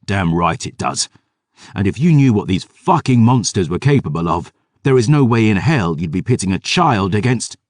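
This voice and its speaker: A man voicing a wrathful, weary veteran warrior who speaks in a gruff, growling way. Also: lowish voice, big pitch swings, normal speed, darkish tone, no echo, clean studio sound, voice pushed up. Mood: furious.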